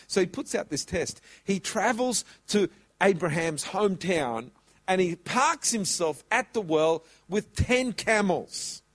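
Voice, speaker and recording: A man preaching a sermon, telling a story and stretching out words for emphasis. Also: high voice. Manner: animated, drawn-out emphasis.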